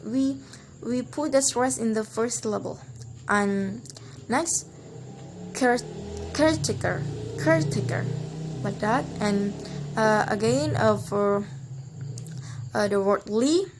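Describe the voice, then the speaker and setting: A woman's voice: fairly high pitch, slow pace, pauses often, noisy background. A young woman, a student explaining English word stress rules, hesitant, with many fillers and restarts, repeating example words. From Indonesia. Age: young adult. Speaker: student presenter.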